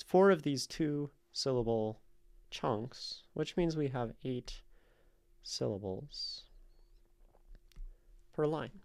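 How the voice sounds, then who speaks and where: A man's voice: mid-range voice, gravelly, darkish tone. A male streamer who reads a chatter's poem aloud, then explains its meter and taps out the stress beats. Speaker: streamer reading and critiquing chat poetry. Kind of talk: slow, thoughtful poetry reading and analysis.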